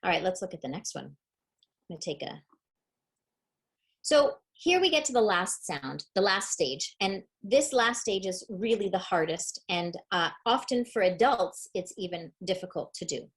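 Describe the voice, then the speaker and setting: A woman's voice: fairly low pitch, expressive, normal speed, slightly rough. A middle-aged woman teaching a parenting webinar on early reading, upbeat and demonstrative, explaining step by step. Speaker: literacy educator.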